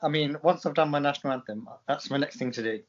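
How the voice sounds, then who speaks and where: A man's voice: on the high side, fast talker, muffled recording. A man co-hosting a podcast in casual chat, sarcastic and teasing, swearing freely. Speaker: podcast co-host.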